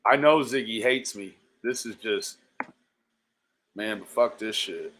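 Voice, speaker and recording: A man's voice: lowish voice, slow pace, a bit bright, slight background noise. A man hosting a livestream, talking casually, profane and taunting, calling out to viewers by nickname. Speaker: livestream host.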